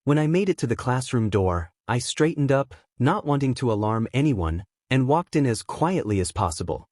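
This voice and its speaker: A man narrates a fan story in first person, in a subdued, even way. His voice sits at a medium pitch. The recording is dry and close. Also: normal speed, no echo. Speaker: fanfiction reader.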